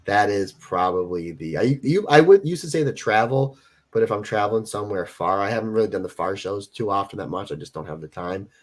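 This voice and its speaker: Emphatic low-voiced man in his forties. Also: animated, a little fast. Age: 40s. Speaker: guest wrestler. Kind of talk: casual interview talk.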